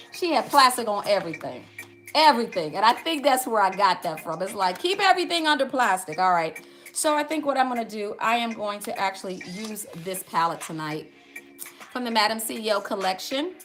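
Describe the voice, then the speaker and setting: A chatty middle-aged woman runs a casual live makeup tutorial in a slightly high, fairly bright voice, greeting viewers by name and calling out to "y'all."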